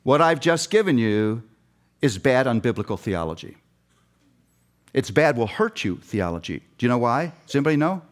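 A man's voice: mid-range voice, sing-song, normal speed. A middle-aged man preaching a passionate sermon with emphatic repetition, addressing seminary students. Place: seminary chapel.

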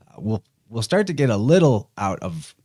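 A man's voice: lowish voice, very animated, moderate pace, darkish tone, husky, no echo, clean studio sound. A man talking as a podcast guest, chatty and musing, laughing easily. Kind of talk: casual conversation.

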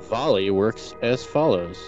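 Slow, low-voiced man explaining rules. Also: expressive, darkish tone, lo-fi sound, faint music behind. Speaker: player.

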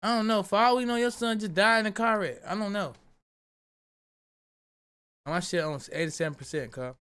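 A man's voice: sits high, normal speed, fairly bright tone, clear, resonant tone. A young man, casually reacting to videos as a streamer, rambling and cursing defensively.

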